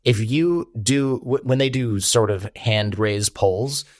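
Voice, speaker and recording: A man, a podcast guest telling stories in an animated way and quoting people in character. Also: mid-range voice, slow pace, no room sound, studio quality. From United States. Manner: animated storyteller, quotes others in character. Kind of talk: conversational interview.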